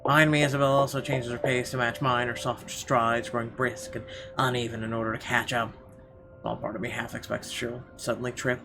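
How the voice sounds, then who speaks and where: A man at a middle pitch reading a horror game's narration aloud for viewers, expressive and measured in the story parts. Game music runs faintly behind him. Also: vocal fry. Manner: expressive reading, bursts into profane yelling rants. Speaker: let's player.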